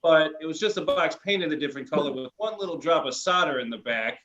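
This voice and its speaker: A man with a Chicago accent telling a deadpan stand-up story. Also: fairly high pitch, quick pace, background noise. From Chicago area. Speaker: stand-up comedian. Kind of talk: online stand-up set. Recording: lo-fi stream audio.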